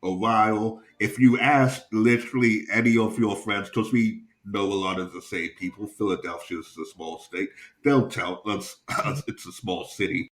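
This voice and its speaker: A man's voice: fairly low pitch, steady tone, moderate pace, a bit bright, echoey room. A young man and stand-up comedian, hosting a podcast and telling a profane anecdote in a casual, chuckling way.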